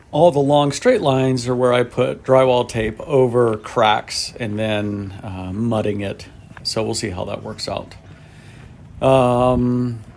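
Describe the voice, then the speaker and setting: A man's voice: mid-range voice, vocal fry, a little hiss or hum. A man talking casually to camera, rambling and explaining in a teacherly way with lots of ums and asides. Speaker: video blogger.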